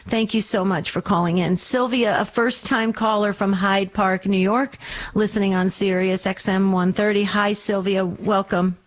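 A woman hosting a Catholic call-in radio show, reassuring callers and praying with them, with lots of quick restarts. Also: mid-range voice, steady tone, rough recording. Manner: warm-hearted, reassuring, talks in quick restarts.

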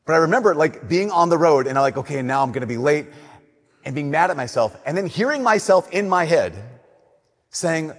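Husky-voiced man preaching in a church. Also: a little high, a little fast. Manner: lively storytelling, acting out remembered dialogue. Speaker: Catholic preacher. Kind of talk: sermon. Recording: long church reverb.

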